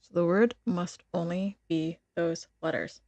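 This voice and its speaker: Giggly woman streamer with a gravelly edge. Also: on the low side, fairly even intonation, a little slow, a little mellow, no echo. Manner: teasing, giggly banter with chat. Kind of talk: casual gameplay commentary, reading game text aloud.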